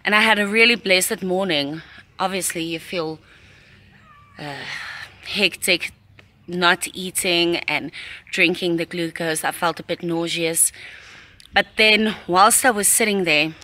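Speaking in a low-ish voice with a sharp tone, a young pregnant vlogger reflects warmly on her morning at the hospital. The casual vlog chat takes place at the hospital, partly outdoors.

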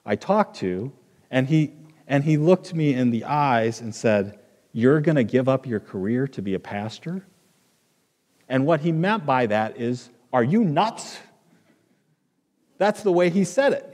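A middle-aged man preaching a sermon as pastor, conversational and halting, with fillers and restarts. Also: medium pitch, darkish tone. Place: church sanctuary with long reverb. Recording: reverberant church hall.

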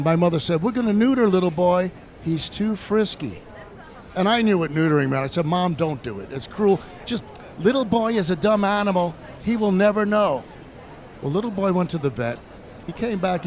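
A man's voice: sits high, expressive, brisk, a little mellow. A middle-aged man from New City, a comedian firing off punchy one-liners and chuckling at his own jokes. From New York City. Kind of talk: stand-up comedy set. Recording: live set with a noisy crowd.

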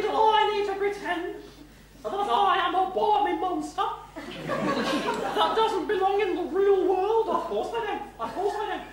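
A man's voice: extremely high pitch, background noise. A man playing a stern, bossy older female school matron in a one-man stage show, talking in a haughty, scolding way. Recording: echoey theatre stage, mic far off.

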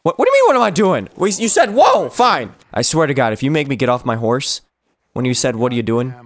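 A young man streams a cowboy game alongside a friend, offering casual let's-play commentary as he giggles, jokes, and reads prompts aloud. He's playful and lively, with a mid-range voice and a fast way of talking.

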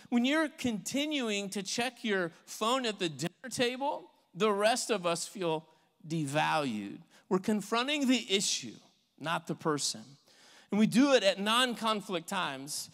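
A pastor preaches in an earnest, conversational manner, frequently repeating words as he goes. His voice is high-pitched and slightly bright, trailing off into a long reverb tail.

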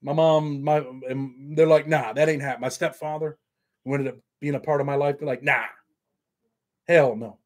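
A man's voice: a little high, steady tone, normal speed. A man hosting his own online show, talking bluntly and earnestly to his viewers and saying "man" at the end of nearly every line. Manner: blunt, heartfelt, says "man" constantly. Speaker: YouTube show host. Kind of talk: casual straight-talking monologue to camera.

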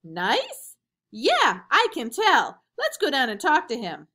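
A woman voicing an excited, bold young girl in a read-aloud storybook. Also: slow pace, exaggerated voice. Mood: eager. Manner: eager, high and bright.

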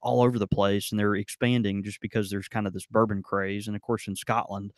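On a podcast in Mississippi, a male co-host speaks fairly quickly in a lowish voice with a flat delivery. He chats casually about tastings, rambling with frequent fillers and restarts. The audio is studio quality with no echo.

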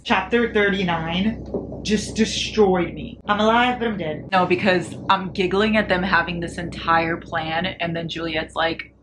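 A woman's voice: lowish voice, fairly even intonation, unhurried, noisy background. A young woman in her twenties from the United States, chatting casually in a reading vlog with giddy, dramatic reactions and lots of laughter. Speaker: book vlogger.

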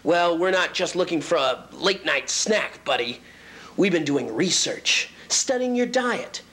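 A man voicing a disgruntled, hefty male raccoon who rants and threatens in a gruff, sneering voice. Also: lively intonation, a little slow. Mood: ranting. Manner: ranting, with sharp swings in pitch and loudness. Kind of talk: comic story voice.

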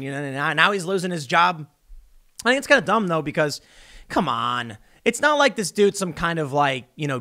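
Sarcastic, animated male vlogger. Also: fairly high pitch. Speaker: host. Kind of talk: political commentary vlog.

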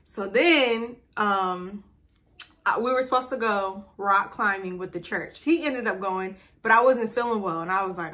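A young adult woman telling a personal story to camera in a casual, animated vlog chat. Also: mid-range voice, unhurried. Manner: chatty, animated, addresses viewers. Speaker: vlogger.

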